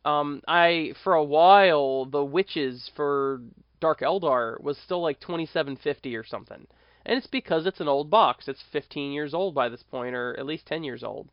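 An American man with a slightly raised pitch hosts a casual podcast and rambles on in an easy, chatty monologue. He stops and restarts his sentences as he thinks aloud. The recording is dry and close, with no room sound. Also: normal speed, dry recording, dull audio. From United States. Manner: rambling, self-correcting, conversational. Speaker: podcast host.

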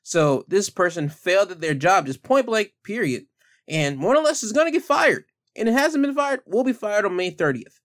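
A man's voice: high-pitched, lively intonation, moderate pace, dry recording, studio quality. A man giving a blunt, heated opinion rant as a commentator, speaking emphatically.

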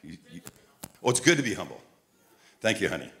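An older male preacher from Montreal, telling humorous stories in his sermon and rising to loud, emphatic peaks. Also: deep voice, sing-song, a little fast. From Montreal, Canada.

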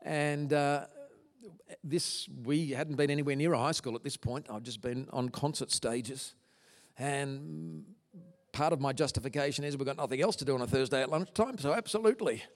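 A man's voice: medium pitch, moderate pace. A middle-aged man giving an earnest, emotional testimony to a church audience, with stumbling restarts. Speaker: guest speaker. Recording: long hall reverb.

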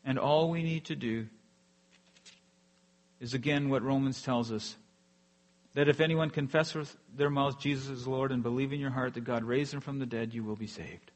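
A man preaching a sermon earnestly, letting his voice fall softly at the ends of phrases. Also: mid-range voice, fairly even intonation, normal speed. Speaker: pastor.

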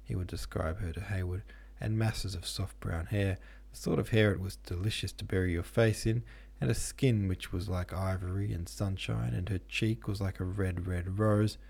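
A man, a podcast host and audiobook reader, narrates a classic novel in a measured, steady reading. His low voice has a husky edge and a dark, mellow tone.

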